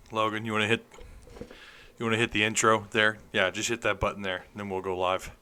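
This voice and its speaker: A man's voice: fairly low pitch, little pitch movement, moderate pace, pushed and bright, smooth. A man hosting a sports podcast livestream, chatty and joking while he fumbles with his setup. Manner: joking, chatty, flustered by tech trouble. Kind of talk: casual livestream chat.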